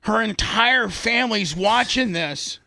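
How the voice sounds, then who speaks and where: Telling a meandering story on the radio, a middle-aged man speaks a little slowly in a high-sitting voice, with slight hiss or hum in the background. He gets animated and performs the quotes of each character.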